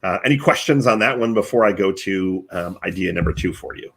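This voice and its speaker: A man with a somewhat low, husky voice walks a guest through his advice one numbered point at a time. He hosts a live online chat and sounds earnest and coaching rather than scripted. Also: a little fast. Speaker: host and marketing consultant.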